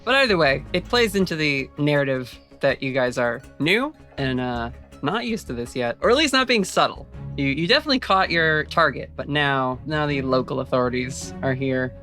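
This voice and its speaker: Bright-voiced man game master. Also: on the high side, lively intonation, normal speed, hardly any pauses, faint music behind. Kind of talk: narrating a tabletop game.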